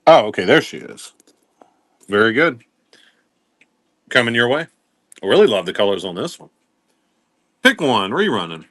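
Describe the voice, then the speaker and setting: A man's voice: on the low side, sing-song, moderate pace, long pauses, fairly bright tone, dry recording. A man hosting a live online sale, casually greeting viewers by name and running through items one by one. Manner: welcomes viewers by name while listing items. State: coughing now and then. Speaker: livestream seller host.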